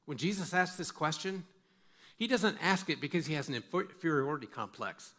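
A man's voice: on the high side, lively intonation, moderate pace, pushed and bright. A male pastor preaching a sermon in an emphatic way, repeating words for stress and putting questions straight to his listeners. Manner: asks listeners direct questions.

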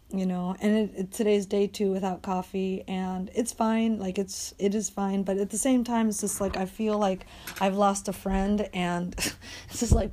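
A woman's voice: mid-range voice, darkish tone, a little hiss or hum. A young adult woman talking alone on her podcast in a casual, rambling way, blunt and full of swearing and fillers like "like".

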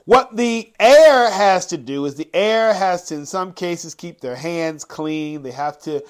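A man with a high voice hosts his podcast in a loose, casual monologue. He takes his time overall, stretching key phrases out slowly and punching them hard, then rushing through little asides. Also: expressive. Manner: dramatic, swings from quick asides to slow drawn-out emphatic phrases. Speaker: podcast host.

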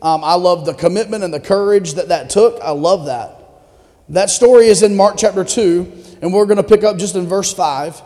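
A man's voice: sits high, normal speed, mellow. Man preaching in a reverberant hall. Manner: conversational preaching with audience questions. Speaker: pastor. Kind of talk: sermon.

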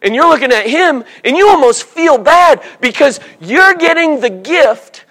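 A man's voice: very high-pitched, animated, measured pace, sharp tone. A man preaching a sermon, humorous and storytelling, acting out little voices as he talks. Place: church.

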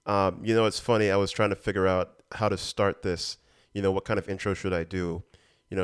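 Guy hosting his own podcast, earnest and chatty, low smooth voice. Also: steady tone, brisk. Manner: earnest, sincere, with many "you know" fillers. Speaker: podcast host. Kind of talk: casual solo podcast talk.

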